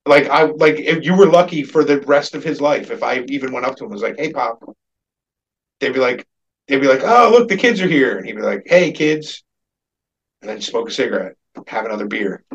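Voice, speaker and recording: A man's voice: mid-range voice, quick pace, slightly rough, lo-fi sound. A man on a casual podcast, telling a long personal story in a rambling, profane way and livening up when he quotes people. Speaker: podcast co-host.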